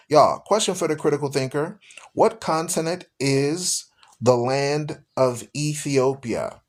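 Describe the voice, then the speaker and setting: A man's voice: medium pitch, animated, normal speed. A man who hosts a radio show, preaching in an emphatic, rhetorical way and repeating his questions for effect. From United States. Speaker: radio show host and Bible teacher.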